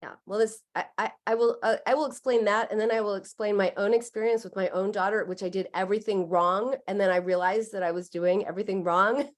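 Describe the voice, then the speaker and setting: Lively woman storytelling with mid pitch. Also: a little fast, few pauses. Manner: animated storytelling, acts out quotes, laughs easily. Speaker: psychoanalyst guest. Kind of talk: podcast interview.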